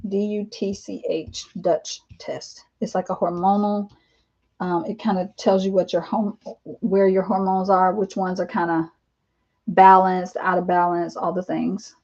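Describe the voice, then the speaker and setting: A woman in her fifties chatting casually on a live stream, candid and rambling, with lots of fillers, laughs and animated quoted asides. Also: lowish voice, unhurried, dull audio. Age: 50s. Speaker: vlogger. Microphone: live-stream camera mic.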